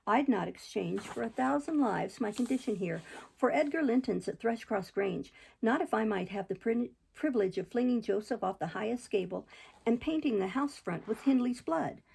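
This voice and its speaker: Gravelly, husky woman reading a novel aloud. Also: on the high side, normal speed. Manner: steady storytelling read with small slips. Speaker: reader.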